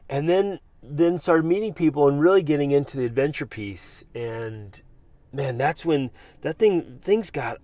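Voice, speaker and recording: A man's voice: a little high, a little mellow, no room sound. An enthusiastic man in his forties, hosting a motivational talk and telling an adventure story with many restarts. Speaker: podcast host.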